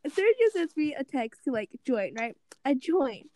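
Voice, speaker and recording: With background noise behind her, a young adult woman speaks in a high voice, a little slowly, while co-hosting a casual podcast. She tells stories in a giggly, animated manner, laughing a lot.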